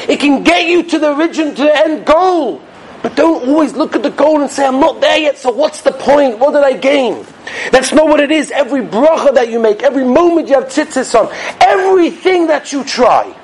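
Acting as a rabbi, a man delivers a Torah sermon in a very high voice. He is animated, swinging between loud, stressed words and hushed asides.

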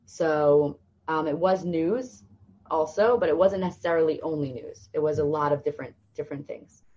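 Young woman, low voice, podcast guest, lively storytelling, lo-fi sound. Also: normal speed, husky. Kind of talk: storytelling in conversation.

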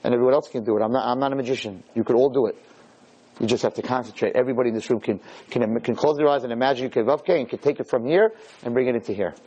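A rabbi giving a Torah lecture to a live audience in a room. He speaks emphatically, repeats his points and swings his pitch up and down. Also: rapid-fire, warm tone, dull audio.

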